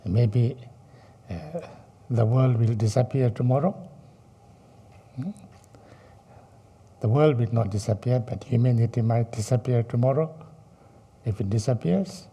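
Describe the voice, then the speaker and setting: Slow, dark-voiced man teaching dharma. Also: medium pitch, breathy edge, lo-fi sound. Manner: slow, halting, many fillers and rhetorical questions. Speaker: Buddhist teacher.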